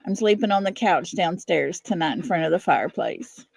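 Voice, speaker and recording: A woman in her fifties hosting a casual livestream from her home, chatting with viewers and breaking off to calm her dog. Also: lowish voice, moderate pace, gravelly, slightly rough, no echo. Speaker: livestream host. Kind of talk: casual live chat with viewers. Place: home, indoors.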